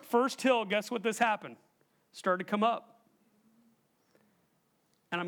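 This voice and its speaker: A man preaching a sermon, telling a personal story in an animated way and quizzing the congregation. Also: high-pitched, normal speed, gravelly, long pauses. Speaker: pastor.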